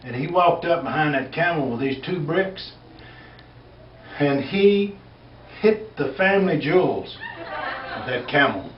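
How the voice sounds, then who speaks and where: A man's voice: fairly high pitch, animated, measured pace, pauses often. A man from Texas with a West Texas accent, telling folksy jokes in a rambling, drawling way and chuckling as he goes. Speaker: comedian. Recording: echoey, distant, dull lo-fi recording with faint hiss.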